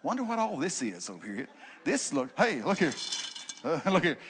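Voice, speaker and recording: Folksy preacher man, lively. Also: fairly high pitch, normal speed. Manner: folksy, joking, loud bursts with laughter. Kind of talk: animated pulpit storytelling. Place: church sanctuary.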